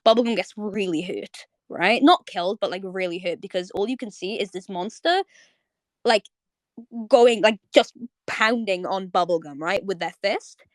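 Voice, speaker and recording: A young woman hosting a live audio chat on a home mic, rambling in quick bursts with lots of fillers and repeats. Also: medium pitch, dry recording, studio quality. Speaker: host of a live audio space. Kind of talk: casual live chat to listeners.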